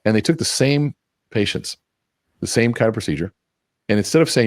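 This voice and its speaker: A man's voice: sits low, fairly quick, darkish tone, no room sound, clean studio sound. A man as the guest expert on a podcast interview, talking energetically, acting out quoted dialogue and restarting often. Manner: frequent restarts.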